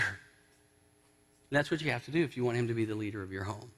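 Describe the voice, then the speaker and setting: A man's voice: medium pitch, brisk, pauses often, a bit bright. Man preaching a conversational sermon. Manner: conversational, storytelling with acted quotes. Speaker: pastor. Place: church sanctuary.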